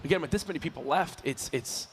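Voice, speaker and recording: A man doing lively play-by-play commentary for an esports tournament, playful and quick to joke. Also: fairly high pitch, faint music behind. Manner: energetic, playful, counts and jokes on air. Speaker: esports caster.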